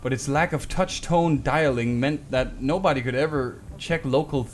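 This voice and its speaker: A man's voice: medium pitch, normal speed, slight background noise. A young man streaming a game live, reading item texts aloud with joking asides. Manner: reads item text aloud with jokey asides. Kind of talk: live game playthrough commentary.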